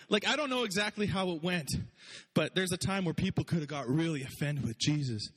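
A man's voice: on the high side, expressive, a little fast, fairly bright tone, big-room sound. A man preaching a sermon in a casual, chatty way, often laughing and saying "like". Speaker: pastor.

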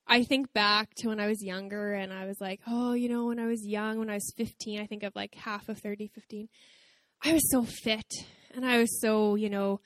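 A woman in her late twenties, a preacher giving a chatty, animated sermon intro to a church audience. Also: a little high, no room sound. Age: 20s. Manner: chatty, animated, laughing storyteller. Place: church stage before audience.

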